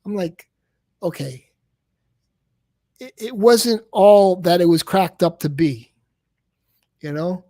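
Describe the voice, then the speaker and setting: A man's voice: high-pitched, animated, slow, long pauses, warm tone, no echo, studio quality. A man chatting casually on a late-night live stream, rambling and exasperated, often stammering and repeating his words. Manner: exasperated, keeps saying "come on, man".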